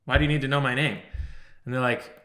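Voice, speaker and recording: A young man co-hosting a podcast, telling an animated story with acted-out quotes and frequent swearing. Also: medium pitch, fast. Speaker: podcast co-host. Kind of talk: casual chat, storytelling.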